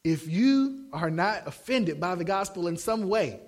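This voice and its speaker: A young man preaching a sermon, animated, acting out the quotes he shouts. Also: high voice, measured pace. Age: young adult. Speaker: pastor.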